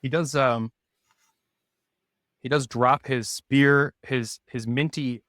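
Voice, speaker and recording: A man's voice: medium pitch, steady tone, slow pace, a bit bright, dry recording, studio quality. A man narrating as game master for a tabletop game, rambling and hesitant with lots of fillers.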